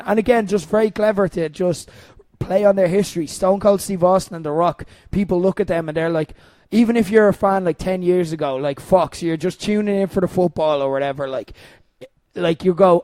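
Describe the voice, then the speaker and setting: A man's voice: high-pitched, brisk, dark tone, dry recording. A man hosting a casual wrestling podcast, rambling with lots of fillers and the odd swear. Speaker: podcast host.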